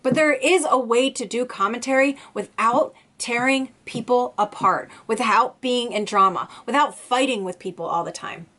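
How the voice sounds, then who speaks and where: A woman's voice: fairly high pitch, normal speed, few pauses, pushed and bright. Indignant woman ranting on a vlog. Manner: indignant, emphatic, repeats phrases for emphasis. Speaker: YouTube vlogger.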